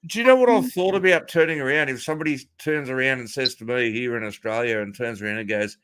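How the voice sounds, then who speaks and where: A man's voice: mid-range voice, fast talker, few pauses, clean tone. A man from Britain, swearing freely while telling stories in a casual chat. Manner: swears freely, animated storytelling.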